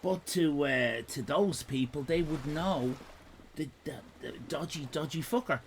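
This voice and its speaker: Speaking with a fairly high pitch and a measured pace, this man from Ireland chats casually on his live stream over a slight hiss or hum. He's digressive and jokey, swearing freely as he drifts between topics.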